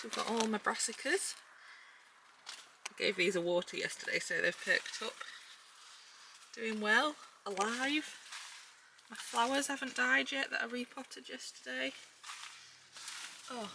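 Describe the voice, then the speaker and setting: A woman's voice: fairly high pitch, takes it slowly, gravelly, pauses often, noisy background. A young woman, chatting casually to camera in her vlog, upbeat and a bit breathless. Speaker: vlogger.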